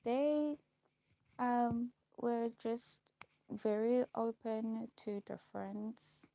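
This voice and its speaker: A young woman telling her life story in a casual vlog, repeating herself and pausing with ums as she lists memories. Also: on the high side, fairly even intonation, warm tone, no room sound. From South Africa. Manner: repetitive, listing recollections with frequent ums. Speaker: vlogger. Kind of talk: personal storytelling. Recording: dull lo-fi recording.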